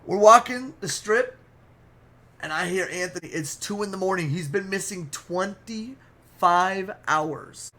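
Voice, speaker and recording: A man with a high voice tells a wild story in a casual, animated rush. He swears freely and paints vivid pictures as he talks. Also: a little slow. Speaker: storyteller, streamer.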